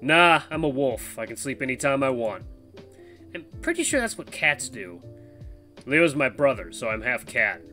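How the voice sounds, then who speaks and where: A man voicing a drowsy, lazy young male wolf in a visual novel game, offhand and relaxed. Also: medium pitch, normal speed, faint music behind.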